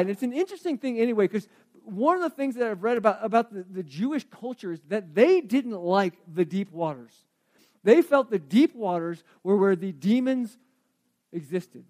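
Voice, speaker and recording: A male pastor delivering a conversational sermon, dropping to hushed asides and rising to loud emphatic points, often repeating words as he restarts. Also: very high-pitched.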